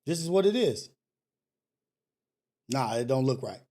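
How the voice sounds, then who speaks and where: In a sing-song, warm voice of medium pitch, a call-in talk show host rants at a measured pace. He is blunt and emphatic, repeating himself a lot and mixing in slang and profanity in a casual motivational style.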